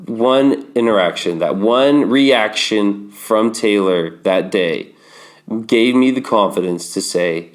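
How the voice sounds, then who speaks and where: A man's voice: fairly low pitch, takes it slowly. A man in his thirties, a podcast guest, telling a personal story in a candid, vivid way and acting out remembered dialogue.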